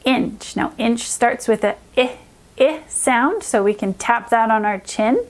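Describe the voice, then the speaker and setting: A woman with a fairly high voice teaches young children to read. She breaks words into single sounds slowly and clearly, like a patient reading specialist. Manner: clear, slow sound-by-sound modeling of letter sounds. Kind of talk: children's phonics lesson.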